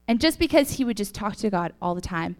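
A woman's voice: mid-range voice, lively intonation, fairly quick. A woman leading a youth group with a casual faith talk, chatty and full of "like" and "right?".

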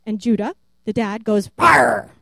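Lady telling a church testimony story, high pitched, acts out everyone's lines, rambly. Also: a little fast, dry recording. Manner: animated, rambling, acts out quoted voices. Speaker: church member giving a testimony.

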